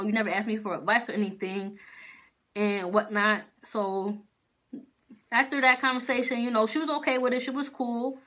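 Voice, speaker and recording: A young woman telling a personal story to camera in a casual, slangy way. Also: medium pitch. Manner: animated, slangy, talks straight to viewers. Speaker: vlogger.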